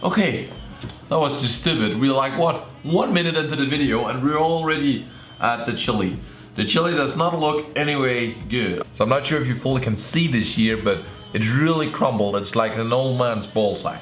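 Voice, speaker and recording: A young man giving casual reaction commentary as a YouTuber, joking and sarcastic with excitable outbursts. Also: mid-range voice, normal speed. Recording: echoey room with faint music.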